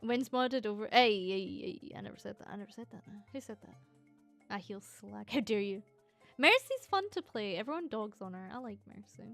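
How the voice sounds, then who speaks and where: A Scottish woman streamer chatting casually and reading viewer comments, excitable and teasing, swearing freely. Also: mid-range voice, normal speed, gravelly, faint music behind.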